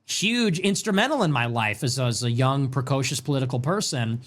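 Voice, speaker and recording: A young adult man hosting a political commentary show, delivering a sarcastic, emphatic rant that swings between loud jabs and low mutters. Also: lively intonation, moderate pace. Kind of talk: ranting political commentary monologue.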